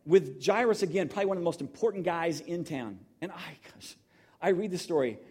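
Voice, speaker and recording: A middle-aged male pastor delivers a sermon in a casual, heartfelt way. He retells the story with emotion, restarting his sentences often. His voice sits a little higher than most men's. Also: expressive, brisk, darkish tone, slightly rough.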